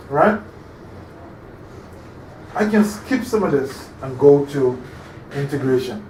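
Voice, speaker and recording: Checking often that his class keeps up and quizzing them along the way, a male instructor gives an interactive lecture in a slightly high, a little mellow voice. The recording picks up an echoey room, a distant mic, and faint hum.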